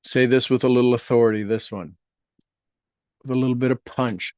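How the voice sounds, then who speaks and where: A man leading a guided meditation, speaking affirmations slowly and gently, repeating each phrase with soft trailing endings. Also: medium pitch, dry recording, studio quality. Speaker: meditation leader.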